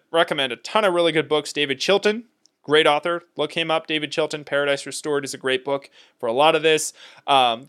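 A man co-hosting a casual theological discussion podcast, talking in an emphatic, animated way and laughing often. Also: medium pitch. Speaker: podcast co-host.

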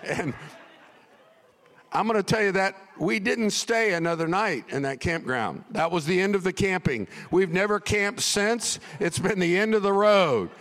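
A middle-aged male pastor telling a comic story in a sermon, animated and prone to sudden shouts. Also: high-pitched, a little slow, big-room sound.

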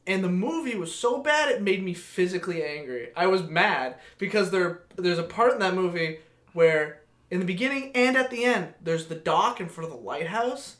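A man's voice: sits high, animated, normal speed, a bit bright. A man co-hosting a podcast in casual chat, ranting animatedly and swearing often. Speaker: podcast co-host. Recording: echoey room.

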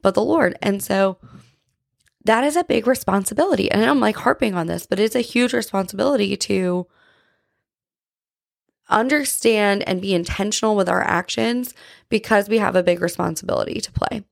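A woman hosts a podcast of casual faith talk, chatty, earnest and confessional, often asking "right?" and saying "like." Her mid-range voice has vocal fry and moves at a normal speed, recorded in studio quality with no echo.

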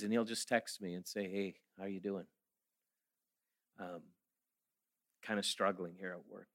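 A man's voice: mid-range voice, sharp tone. A middle-aged man giving a sermon, telling stories and then rising to emphatic preaching. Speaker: guest speaker.

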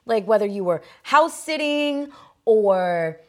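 A woman co-hosting a podcast, chatting casually with a fairly high voice. She rambles and circles her points, filling her talk with "like" and swearing offhandedly. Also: expressive, slow pace, darkish tone. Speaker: podcast co-host. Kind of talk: casual chat.

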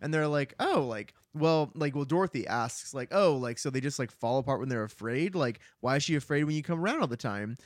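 A man's voice: medium pitch, animated, fairly quick, few pauses, no echo, studio quality. A man co-hosting a podcast, retelling a book in casual chat with plenty of "like" fillers. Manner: chatty, heavy use of filler "like". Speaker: podcast co-host.

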